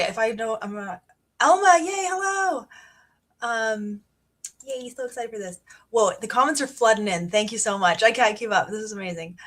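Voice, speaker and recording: A cheerful woman hosts a live book club stream from home. She chats casually, greets viewers one by one, and fills her pauses with ums. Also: a little high, a bit bright. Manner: bubbly, greets commenters, many ums. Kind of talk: casual livestream chat. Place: home, sunny region of Canada.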